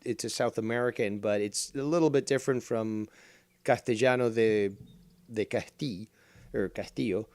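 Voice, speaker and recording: A man's voice: on the low side, normal speed, a little mellow, dry recording. A man streaming, chatting bluntly and casually, with lots of swearing and fillers.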